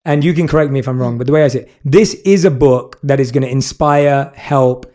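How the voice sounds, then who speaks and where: A man's voice: mid-range voice, fairly quick, darkish tone. A British man hosting an interview, talking earnestly and with lots of praise. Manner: earnest, effusive, reads aloud from a book. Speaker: podcast host. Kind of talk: casual interview chat.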